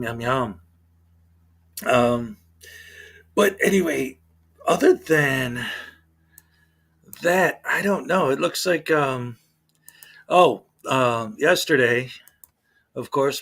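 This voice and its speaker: A man hosting a casual livestream, talking in a loose, rambling way. He is chatty and full of ums and restarts, and his voice sits at an ordinary middle pitch. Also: gravelly, a bit bright. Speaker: livestream host.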